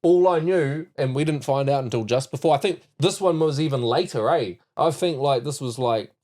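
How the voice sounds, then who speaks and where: Male NZ podcast host, middle pitch, animated storyteller, casual. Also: moderate pace. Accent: New Zealand. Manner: animated storyteller, laughs and acts out quotes. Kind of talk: casual chat.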